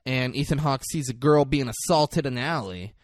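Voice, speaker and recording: A man co-hosting a podcast in casual chat, retelling a film scene with lots of swearing and quick acted-out lines. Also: medium pitch, no room sound, studio quality. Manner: animated, profane, acts out film lines in quick voices. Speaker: podcast co-host.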